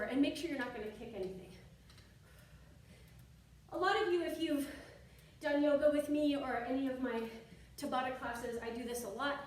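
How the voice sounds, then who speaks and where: A woman teaching a stretching and yoga lesson while demonstrating, chatty and encouraging, slightly out of breath. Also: high-pitched. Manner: chatty and encouraging, thinks aloud with asides. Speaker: yoga and fitness instructor. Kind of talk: instructional demonstration while exercising. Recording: echoey room, distant mic, faint hiss.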